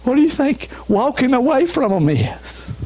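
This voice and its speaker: A man's voice: very high-pitched, big pitch swings, moderate pace, darkish tone, slightly rough. A man, a pastor, preaching an emphatic sermon with repeated refrains. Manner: emphatic, repeats refrains, urges listeners to listen.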